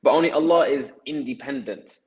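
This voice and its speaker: A male podcast guest explains his ideas at length in a mid-pitched voice. He is earnest and often circles back over his words as he builds each point. His delivery stays conversational throughout. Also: a little fast, low-quality recording. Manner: earnest, explaining, many restarts and repeated words.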